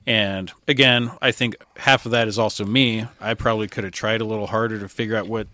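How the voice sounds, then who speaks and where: A man with a lowish voice speaks candidly in a relaxed way, telling his story and quoting others. The sound is dry and close to the mic. He comes across as a young adult podcast guest. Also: a little fast, dry recording. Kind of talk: casual storytelling.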